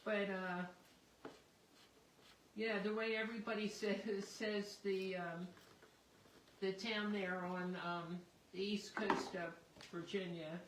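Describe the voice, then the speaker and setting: A woman's voice: mid-range voice, fairly even intonation, takes it slowly, long pauses. A woman with a Philadelphia-area accent, hosting a casual craft video and chatting as she reads out viewer comments. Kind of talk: casual chat. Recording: roomy, distant mic, background noise.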